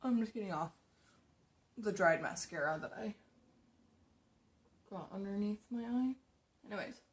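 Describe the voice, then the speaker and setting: A woman's voice: mid-range voice, unhurried. A young woman casually telling stories while doing her makeup, chatty and rambling, swearing freely. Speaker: makeup streamer.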